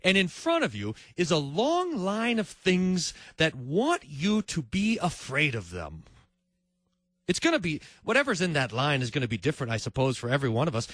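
A male preacher giving a sermon in animated storytelling style, acting out each voice. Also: on the high side, normal speed, no echo.

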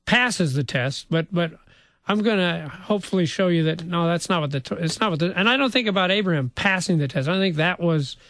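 A man's voice: high voice, brisk, a bit bright, no echo. A man, a pastor, hosting a casual Bible-study chat in a put-on Irish brogue, joking and laughing often. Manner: jokey, playful, laughs often. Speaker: pastor and co-host.

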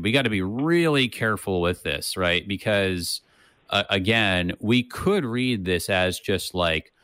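Brief: man, lowish voice, casual Bible-study co-host, restarts a lot and tags lines with "right?", dry close sound. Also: lively intonation, a little slow, pushed and bright, no room sound. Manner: thinks aloud with many restarts and "right?" tags.

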